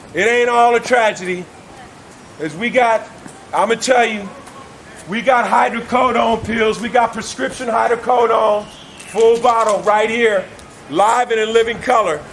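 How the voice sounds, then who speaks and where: A man's voice: very high voice, fairly bright tone, a little hiss or hum. A man from Northern California, a father, delivering an impassioned, profane monologue with an emphatic preaching cadence.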